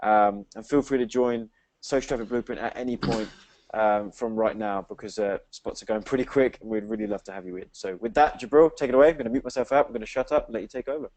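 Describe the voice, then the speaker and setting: A man's voice: medium pitch, fairly even intonation, fast talker, a little mellow, no room sound. English guy hosting a webinar, upbeat, reads chat names out, dry close mic. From England. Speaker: webinar co-host. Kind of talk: live webinar pitch.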